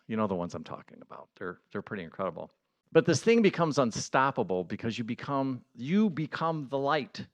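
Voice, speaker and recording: Man, pastor, casual earnest sermon, mid-pitched voice, gets excited and emphatic.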